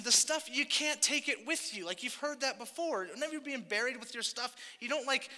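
A young man delivers a sermon in a relaxed, conversational style, throwing in asides to his listeners. His voice sits high and sounds very bright. A long hall reverb trails behind him. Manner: casual, conversational preaching with frequent asides. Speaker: pastor.

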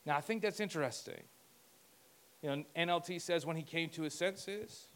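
A man's voice: a little high, normal speed, a bit bright. A man preaching a conversational sermon as pastor, joking and talking asides to himself.

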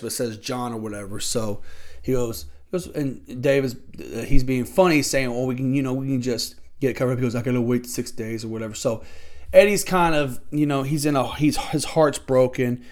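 Rambling, self-correcting man recapping a film. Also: mid-range voice. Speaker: podcast host reviewing a film. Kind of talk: casual spoken film recap.

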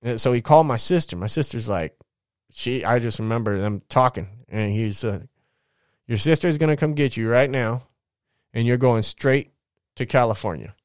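A man's voice: medium pitch, normal speed, no room sound, clean studio sound. Blunt, profane young man telling his story. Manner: blunt, profane, many restarts. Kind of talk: casual storytelling.

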